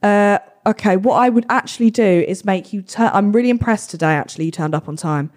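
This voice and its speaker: A woman hosts a podcast, chatting casually in a playful, teasing way and laughing often. Her voice is mid-range, brisk and somewhat dark in tone.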